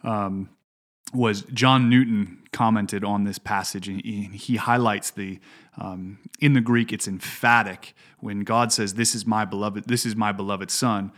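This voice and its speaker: A middle-aged man with a somewhat low voice talks through theology in a relaxed, thoughtful way. He often pauses on fillers and restarts his sentences, thinking aloud as he goes. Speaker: preacher discussing his sermon. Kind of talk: casual theological discussion.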